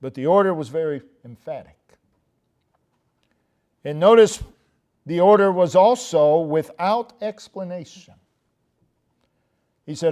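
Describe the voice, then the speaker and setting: A man preaching a sermon in a church, slow and deliberate, with emphatic rising outbursts. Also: on the high side, a little mellow. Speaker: pastor.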